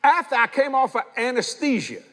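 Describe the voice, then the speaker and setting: An older man preaches with a folksy, animated delivery and acts out the people in his stories. His voice sits high for a man. The sound carries the long reverb of a large church hall. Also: fairly quick. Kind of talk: sermon with storytelling.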